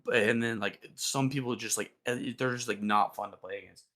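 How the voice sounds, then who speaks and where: A man's voice: medium pitch, fairly quick. Rambling young man on a podcast. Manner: rambling, filler-heavy, excitable. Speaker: podcast co-host. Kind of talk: casual podcast chat.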